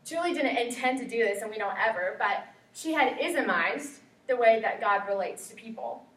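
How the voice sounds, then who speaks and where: With a fairly high, expressive, slightly bright voice at normal speed, a young woman chats through a class presentation, acting out quotes and using plenty of fillers. The recording is distant and echoey, with faint hiss.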